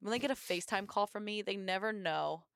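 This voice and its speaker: A young American woman, a Marine officer and athlete, telling her story in a casual podcast interview with lively energy and acted-out quotes. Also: medium pitch, fairly quick, vocal fry, a crowd in the background. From United States. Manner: energetic, upbeat storyteller who acts out quotes.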